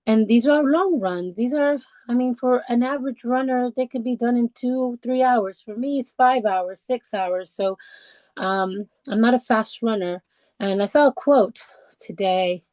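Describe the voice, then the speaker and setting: A woman guest on a podcast, telling her own story in a halting, heartfelt way with many restarts and fillers. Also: on the high side, darkish tone, dry recording, highs cut off. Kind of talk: personal conversational storytelling. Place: lives in the English countryside.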